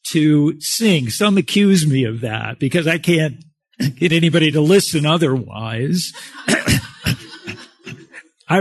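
A male pastor preaching a sermon in a folksy, conversational way, with self-deprecating humor. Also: on the high side.

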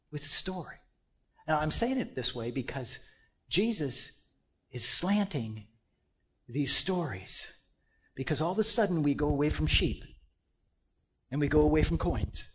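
Man preaching, high-pitched, calls out to the congregation and drops to quiet asides; muffled low-fidelity sound. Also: breathy edge. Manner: call-and-response, swings from loud exclamations to hushed asides. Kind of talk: sermon.

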